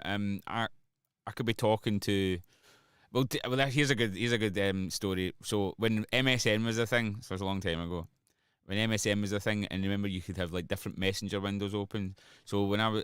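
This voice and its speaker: Low-voiced Scottish man, smooth and dry. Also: a bit bright, no room sound. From Scotland. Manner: rambling, swears freely, laughs often. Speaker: DJ and music producer streaming. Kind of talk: casual livestream chat while producing music.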